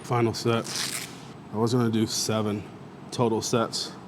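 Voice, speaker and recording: A man's voice: on the low side, little pitch movement, a little slow, background noise. A man talking casually to the camera between heavy squat sets at the gym. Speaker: fitness vlogger. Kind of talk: casual gym vlog talk.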